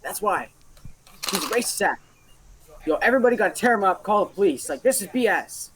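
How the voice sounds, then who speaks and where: A young man voicing a drunk, rowdy woman who shouts and slurs in a diner. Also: expressive, fairly quick, natural voice, low-quality recording. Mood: outraged. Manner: shrill, slurred, outraged yelling.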